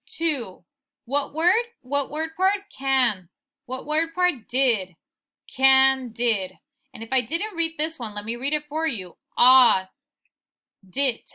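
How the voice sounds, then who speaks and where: A young woman teacher giving a recorded phonics lesson, slowly sounding out word parts for her students. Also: sits high, bright, forceful tone.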